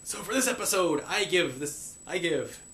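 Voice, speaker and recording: A man recapping a cartoon episode in a playful pirate persona, saying "be" for "is" and slipping into quick voices for the characters. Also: a little high, lively intonation, a bit bright. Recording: echoey room with faint hiss.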